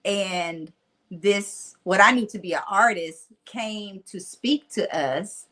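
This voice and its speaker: A middle-aged woman with a strong Mississippi country twang tells stories about her own life in a relaxed interview. She sounds animated, laughs easily, and uses a mid-range voice. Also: mid-range voice, takes it slowly. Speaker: motivational speaker guest. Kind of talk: casual storytelling interview.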